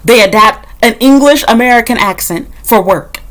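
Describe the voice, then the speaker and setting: A woman's voice: on the high side, moderate pace. Blunt, profane young woman ranting to camera. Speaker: vlogger. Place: indoors, talking to her own camera. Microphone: camera mic.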